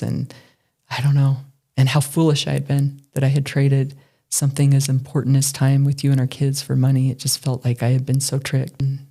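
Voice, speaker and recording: A middle-aged woman hosting a podcast, telling a candid personal story in an emotional, earnest way with halting restarts. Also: extremely low pitch, warm tone. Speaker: podcast host.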